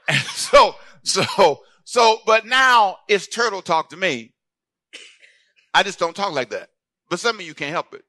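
A man's voice: high-pitched, pushed and bright, no echo. A man preaching a sermon as pastor, playful and calling out to his congregation for responses.

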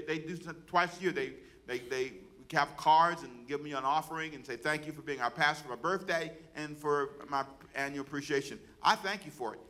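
Pastor guy preaching, bright higher voice, gets loud and calls the crowd to answer back. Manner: preaching with call-and-response to the congregation; loud, rising exhortation. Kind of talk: sermon.

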